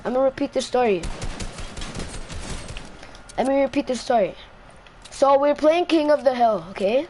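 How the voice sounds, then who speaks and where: A woman's voice: sits high, expressive, moderate pace, pauses often, dark tone, a little hiss or hum. A woman telling a casual storytime, rambling, repeating herself and asking "right?" after most lines, into a close mic. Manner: rambling, repeats itself, says "right?" often. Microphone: own mic close to the face.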